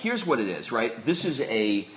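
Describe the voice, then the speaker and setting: A man's voice: medium pitch, very animated, normal speed, a bit bright, a little hiss or hum. Chatty man on a live stream. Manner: chatty, repeats himself, restarts a lot. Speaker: podcast co-host. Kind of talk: casual live-stream chat. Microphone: live phone stream.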